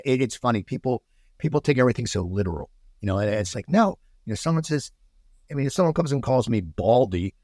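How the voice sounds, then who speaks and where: An American man, a podcast guest, chatting casually and telling animated stories full of restarts. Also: medium pitch, no echo, clean studio sound. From United States. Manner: animated storyteller, many restarts.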